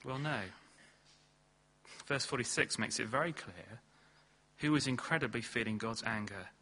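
A man preaching a sermon in earnest, leaning hard on key words and then dropping low and slow. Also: sharp tone. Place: church hall.

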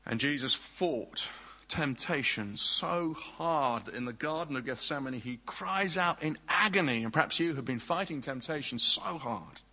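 Man, preacher, sermon, earnest, hushed tender asides, husky tone. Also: medium pitch, animated, a little slow, hardly any pauses, poor audio. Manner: earnest, drops to soft hushed tones for tender lines.

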